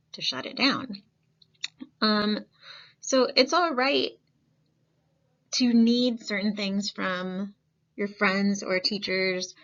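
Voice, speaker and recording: A woman giving a calm, coaxing life skills lesson. She asks the listener many reflective questions and often says "um". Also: medium pitch, dull audio. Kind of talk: gentle reflective lesson talk.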